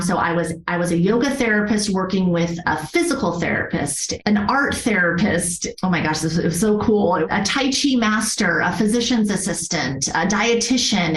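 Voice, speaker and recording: A woman's voice: medium pitch, roomy sound, poor audio. A woman who works as a yoga therapist tells a personal story as a podcast guest. She speaks earnestly and from the heart, often restarting her sentences.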